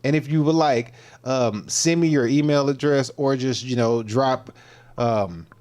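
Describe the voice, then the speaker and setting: A man with a mid-range, somewhat dark voice hosts his own fitness-coaching livestream at an unhurried pace. He talks in a laid-back, slangy way, often repeating himself and tripping over words, and now and then slips into a mock-preacher style.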